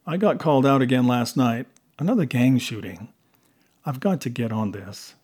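A man's voice: medium pitch, moderate pace, a little mellow, breathy edge, natural voice. A man doing a weary young detective. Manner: weary, dry. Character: tired, wry young male detective.

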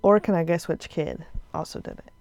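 A woman's voice: fairly low pitch, a little fast, vocal fry, a little mellow. A woman reacting in casual chat, laughing often and answering with short remarks. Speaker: podcast co-host.

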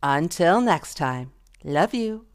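A middle-aged woman talks alone into her podcast mic in a gossipy, chatty way. Her voice sits on the low side but leaps widely in pitch. She laughs often as she goes. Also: expressive, slow pace. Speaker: podcast host. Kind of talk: casual solo podcast monologue.

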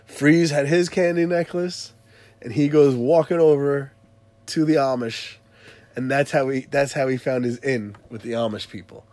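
A man casually recounting a funny party story to a friend, animated and laughing as he tells it. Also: medium pitch, moderate pace, no echo. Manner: animated, laughing retelling with quoted voices. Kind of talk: casual chat.

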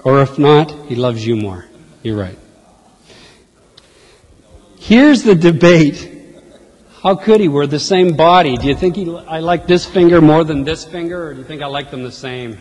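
Husky preacher man in a reverberant hall. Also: a little high, moderate pace. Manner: conversational, animated, talks to the congregation. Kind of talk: sermon.

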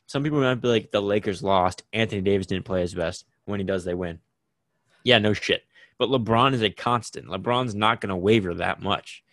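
Low-voiced young man talking basketball. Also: a bit bright, dry recording. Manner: rambling, lots of "like" fillers. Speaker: podcast co-host. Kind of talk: casual sports chat.

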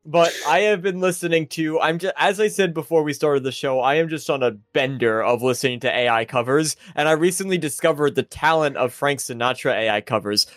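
A man of Italian background co-hosting a gaming podcast, chatting casually and riffing playfully like a pitch man. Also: no room sound, clean studio sound. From Italy. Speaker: podcast co-host. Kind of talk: casual chat.

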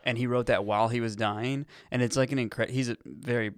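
A man's voice: medium pitch, steady tone, a little fast, clean tone, no echo, clean studio sound. Profane rambling podcast guy. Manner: rambling, profane storytelling with sudden outbursts. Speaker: podcast co-host. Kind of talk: crude comedic podcast banter.

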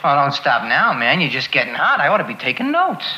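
A man's voice: on the high side, big pitch swings, fairly quick, slight background noise. An actor playing a sarcastic young man who mockingly thanks someone for a lecture. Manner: sarcastic, mock-grateful. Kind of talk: film dialogue. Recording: muffled film audio.

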